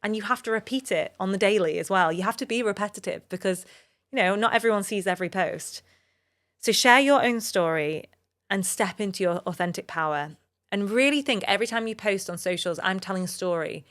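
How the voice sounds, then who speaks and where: A woman's voice: medium pitch, a little fast, fairly bright tone. Earnest woman hosting a motivational podcast. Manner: earnest, open, motivational, speaks of personal experience. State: emotional at times. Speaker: podcast host. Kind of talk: solo podcast talk.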